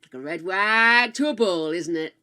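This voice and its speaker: A woman's voice: lowish voice, moderate pace, sharp tone. An older woman from the UK, chatting casually and frankly on a live game stream, swearing freely and tossing asides to her viewers. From United Kingdom. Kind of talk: casual live-stream chat while gaming.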